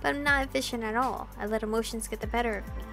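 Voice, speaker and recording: A woman's voice: on the high side, steady tone, fast, a bit bright, soft background music. Woman reading a visual novel aloud. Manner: emotional reading with giggly asides. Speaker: video game player reading aloud. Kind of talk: visual novel let's play with commentary.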